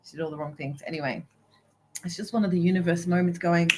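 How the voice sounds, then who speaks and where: A woman's voice: on the low side, fairly even intonation, fast talker, a little mellow, low-quality recording. A woman who is a spiritual business coach, giving a live video reading in an emphatic, preachy way. She keeps asking "right?", giggles often and swears now and then.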